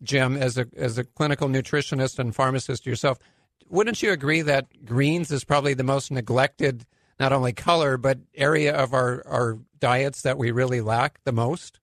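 A man's voice: medium pitch, moderate pace, a bit bright, dry recording, studio quality. Chatty middle-aged male radio host. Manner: chatty, laughs often, many fillers. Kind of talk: casual radio talk. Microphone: studio microphone.

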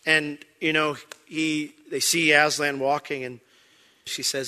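A man's voice: on the high side, little pitch movement, slow pace, pushed and bright. A man preaching a sermon as pastor, conversational and emphatic.

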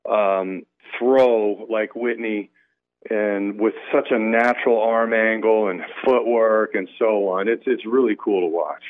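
A man calling in as a radio guest, telling stories in a relaxed way with lots of fillers. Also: lowish voice, measured pace. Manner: relaxed, storytelling, many fillers. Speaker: guest, former pro baseball player. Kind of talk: casual radio interview. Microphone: phone line. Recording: tinny phone line.

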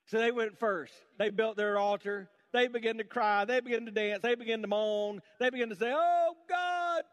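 A male pastor preaching a sermon in an animated storytelling way, swinging between loud and hushed delivery. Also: sits high.

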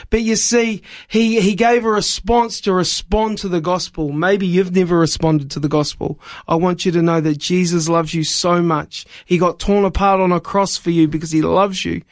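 On a radio show, an evangelist guest from New Zealand spins a tale in a high voice. His delivery is lively, rising in pitch whenever excitement takes hold.

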